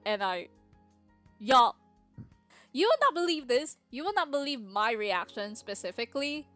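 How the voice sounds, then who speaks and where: A woman's voice: on the high side, unhurried, dry recording, soft background music. A young adult woman with a Filipino accent telling a candid personal story on her podcast, mixing English and Tagalog, swearing and laughing as she goes. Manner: animated, switches between English and Tagalog, swears freely, laughs. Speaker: podcast host.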